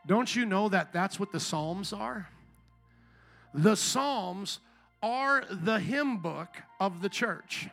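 High, bright-voiced preaching man. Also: lively intonation, takes it slowly, faint music behind. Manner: impassioned, swings between soft and shouted. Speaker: pastor. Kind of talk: sermon.

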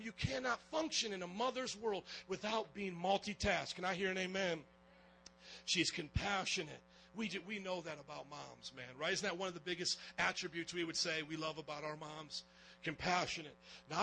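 A man delivers a spirited sermon from the pulpit and keeps calling the congregation for an amen. His voice sits high and sounds bright and forceful. He often swells into loud, emphatic preaching. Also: slight background noise, rough recording. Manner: lively preaching, calls for amens and gets loud. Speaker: pastor.

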